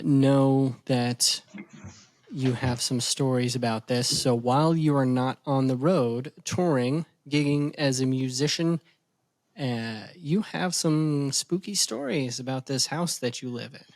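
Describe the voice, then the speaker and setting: A male podcast host with an ordinary middle-pitched voice chats loosely, reacts to his guest and leads into the next story. The recording is close and dry, with no room sound. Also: slow pace, no echo. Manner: relaxed, reacting and introducing the guest. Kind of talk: casual chat and interviewing.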